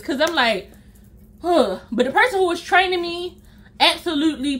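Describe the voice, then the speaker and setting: A woman's voice: sits high, bright, forceful tone, a little hiss or hum. A young woman vlogger telling a story in a casual way, speaking straight to her viewers and acting out her own reactions.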